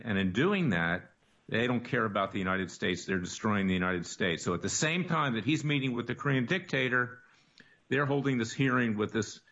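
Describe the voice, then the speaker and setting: A man's voice: mid-range voice, fairly bright tone, muffled recording. A man in a played clip giving an indignant political monologue, denouncing opponents.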